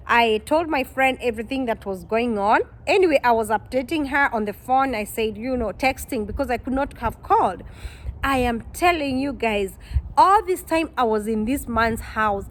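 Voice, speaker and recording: A woman, a vlogger telling a personal story to her viewers, animated and exclaiming, quoting people in dialogue. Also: sits high. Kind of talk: storytime vlog.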